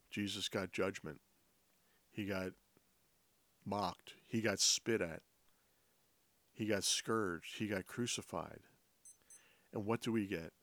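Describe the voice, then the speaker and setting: Low-voiced male pastor preaching earnestly. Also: no echo. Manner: earnest preaching, slowing and dropping low on key phrases. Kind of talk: sermon.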